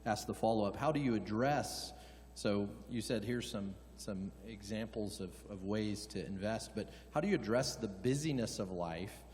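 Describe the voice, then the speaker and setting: A man moderating a conference Q&A, halting and rephrasing as he reads out questions. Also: on the low side, a little mellow. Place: church hall. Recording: church hall reverb, faint hum.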